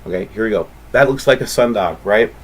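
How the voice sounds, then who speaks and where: A man hosting a channel, talking casually and excitably over photos, rambling and calling out to viewers. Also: fairly low pitch, fairly quick, slightly rough. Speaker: channel host.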